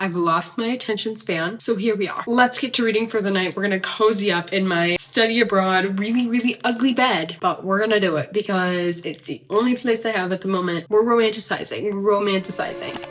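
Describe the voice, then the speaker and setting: A woman's voice: medium pitch, a bit bright. A young Southern woman talks through her reading week in a loose, chatty vlog voice. She gushes and rambles, peppering her sentences with fillers as she goes. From the American South. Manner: chatty and gushing, lots of "like". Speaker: book vlogger. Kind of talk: casual reading vlog chat.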